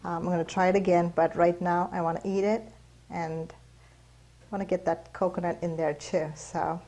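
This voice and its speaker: A woman's voice: lowish voice, normal speed, low-quality recording. A woman hosting a cooking show, talking casually through a recipe with plenty of fillers. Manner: relaxed, chatty, many fillers. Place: kitchen.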